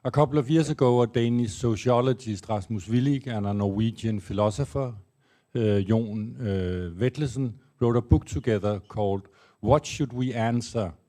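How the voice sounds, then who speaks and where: Mellow-voiced man asking a measured question. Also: mid-range voice. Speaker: audience member asking a question. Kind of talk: conference question.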